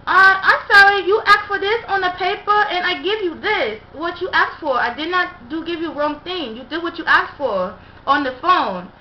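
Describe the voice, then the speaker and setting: A woman doing a flustered cashier lady, high shrill pitch, halting broken phrases, dull echoey room sound. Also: slight background noise. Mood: pleading.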